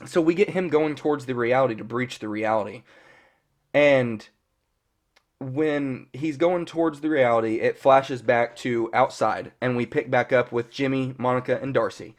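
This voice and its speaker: A man's voice: medium pitch, normal speed. Man rambling through a casual recap. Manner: rambling, full of fillers and mild swearing. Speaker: fan reviewer.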